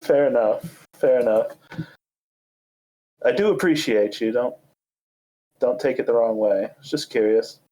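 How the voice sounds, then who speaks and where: Male player, casual and wisecracking, mid-pitched, plain everyday voice. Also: unhurried, pauses often, warm tone, poor audio. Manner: joking, offhand, swears casually. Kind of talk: casual role-play chat.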